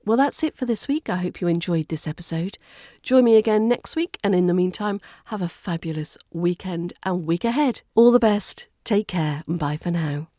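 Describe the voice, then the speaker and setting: A woman with a British RP accent, hosting a podcast lesson in a clear, measured, well-enunciated delivery. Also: lowish voice, lively intonation, mellow, dry recording, clean studio sound. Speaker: accent coach and podcast host.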